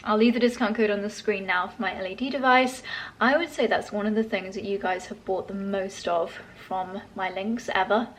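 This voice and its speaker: A chatty woman talks casually in her home vlog. She gushes about products and laughs softly now and then, all while working through a facial massage. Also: mid-range voice, fairly even intonation, moderate pace, slight background noise. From England. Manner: chatty and gushing, with soft laughs. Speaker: lifestyle vlogger.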